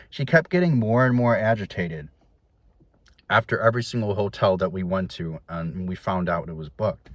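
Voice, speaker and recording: A young man chats to his viewers in a rambling, casual way, restarting sentences as he goes. His voice sits on the low side and sounds close and dry. When he quotes people he jumps up into a higher voice. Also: no echo. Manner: rambling, frequent restarts and fillers; quotes others in raised voices. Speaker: YouTuber telling personal stories. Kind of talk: casual storytelling to camera.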